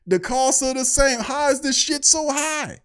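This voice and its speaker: A man's voice: very high-pitched, lively intonation, measured pace, a bit bright. A man hosting a sports show, delivering a heated, profane fan rant full of mocking asides. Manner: fired-up, preachy, profane, mocking imitations. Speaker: sports podcast host.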